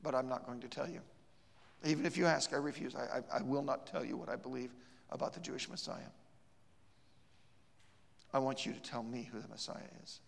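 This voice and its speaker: Gravelly preacher in a reverberant church. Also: male voice, medium pitch, steady tone, brisk, long pauses. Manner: emphatic, repeats words in restarts, storytelling. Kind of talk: sermon. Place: church sanctuary.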